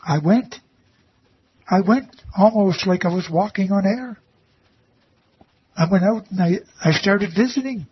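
A man's voice: high voice, unhurried, long pauses, breathy edge. A man telling a personal faith testimony about reading the Bible to elderly residents, earnest and reverent, often repeating phrases for emphasis. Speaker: volunteer who read the Bible to elderly residents. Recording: slightly dull lo-fi recording with faint ambience.

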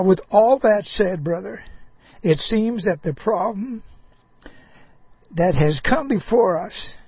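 Slow, husky high-voiced preacher man. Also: dry recording, lo-fi sound. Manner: drawling, slow, with chuckles and "oh" interjections. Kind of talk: folksy sermon addressed to an apostle.

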